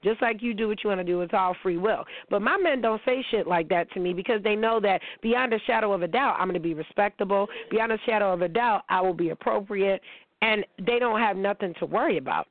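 A woman's voice: medium pitch, brisk. A woman hosting a casual relationship-advice monologue, blunt, emphatic and full of swearing. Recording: tinny phone-like, dry sound.

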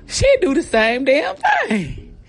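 A woman hosting a comedy podcast, telling a family story in a profane, slangy, animated way while out of breath. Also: high-pitched, takes it slowly. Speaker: podcast host. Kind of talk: comic storytelling.

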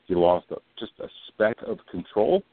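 A man's voice: lowish voice, big pitch swings, moderate pace, creaky, no echo. A man co-hosting a casual sports talk show who speaks bluntly and uses slang. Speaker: podcast co-host. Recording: tinny phone-line sound, dry.

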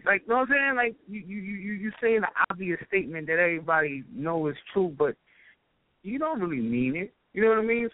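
A man's voice: sits high, no room sound. A man from Brooklyn, rambling and swearing freely as a panelist in casual talk-show banter. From Brooklyn, New York. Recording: tinny dry phone-line sound.

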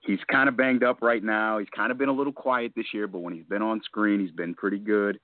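A man co-hosting a podcast in casual chat, mulling choices aloud and getting excited about them. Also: fairly low pitch, fairly quick, dry recording. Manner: deliberating aloud, enthusiastic. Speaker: podcast co-host. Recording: tinny phone line, dry.

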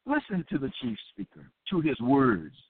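A man teaching from the Bible in an emphatic, deliberate way, repeating his points. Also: medium pitch, sing-song, husky, no echo. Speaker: Bible teacher hosting an episode. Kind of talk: preaching Bible study. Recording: tinny phone-like, dry sound.

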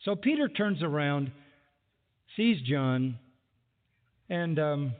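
A man preaching a sermon in an animated way, full of rhetorical questions and mock exasperation. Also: fairly high pitch, slow. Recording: phone-like audio in a large echoing hall.

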